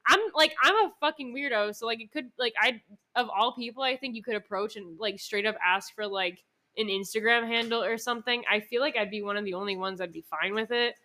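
A woman's voice: a little high, fairly quick, bright, forceful tone. A woman in her twenties, co-hosting a podcast with her sister, rambling through a story with lots of swearing and laughter. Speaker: podcast co-host. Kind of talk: casual chat with her sister.

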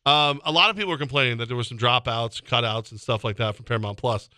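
Brief: male sports radio host, crisp and bright, dry studio mic, playful banter. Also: medium pitch, no echo. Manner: joking, quick, laughs often. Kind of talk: casual sports talk.

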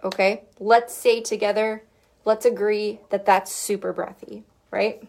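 A woman's voice: mid-range voice, flat delivery, a little slow, creaky, a little mellow. A woman vocal coach teaching in a casual, chatty way, with lots of fillers and short sung demo notes.

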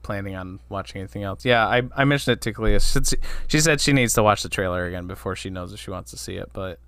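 A man co-hosting a podcast in casual chat, halting and restarting his sentences often. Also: fairly low pitch, fairly bright tone, clean tone, no echo. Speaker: podcast co-host.

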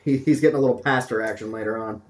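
A man's voice: on the low side, very fast. A man co-hosting a podcast, bantering sarcastically with crude jokes and mock voices. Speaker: podcast co-host.

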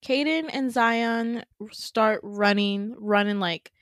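A young woman hosting a podcast, retelling a dream in a casual, animated way with swearing and laughing asides. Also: fairly high pitch, takes it slowly, dry recording, studio quality. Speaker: podcast host. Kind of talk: casual storytelling.

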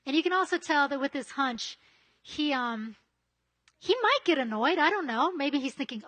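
A woman's voice: sits high, animated, moderate pace, a bit bright. A woman giving a casual, conversational sermon, full of chatty asides and frequent "right?" checks with her listeners. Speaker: preacher.

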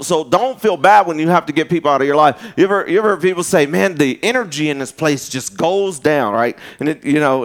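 A man giving a casual storytelling sermon, animated and joking as he talks straight to his listeners. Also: a little high.

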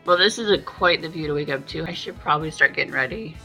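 A woman's voice: low voice, fast, sharp tone, soft background music, rough recording. A young woman vlogging casually from a psychic conference, tired with a worn voice, swearing freely and talking straight to her viewers. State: tired, voice shot. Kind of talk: casual vlog to camera.

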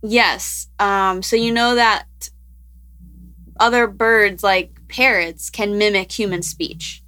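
A woman's voice: mid-range voice, fairly even intonation, slow pace, bright, forceful tone, smooth. A woman co-hosting a podcast, chatting casually and rambling through science news with frequent laughs.

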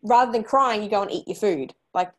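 A woman's voice: mid-range voice, brisk. A woman hosting a podcast, talking earnestly and emphatically, repeating points for stress. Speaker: podcast host. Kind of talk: casual chat.

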